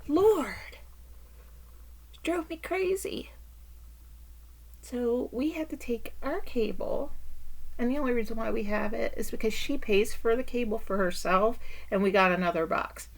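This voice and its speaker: With a fairly high, gravelly voice at a moderate pace, a middle-aged woman shares caretaking and parenting stories on her casual vlog. She laughs a lot and makes exaggerated, animated asides.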